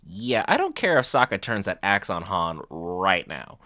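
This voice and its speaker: A man giving a sarcastic, jokey, animated commentary as a reaction video host. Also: low-pitched, unhurried, no room sound, clean studio sound.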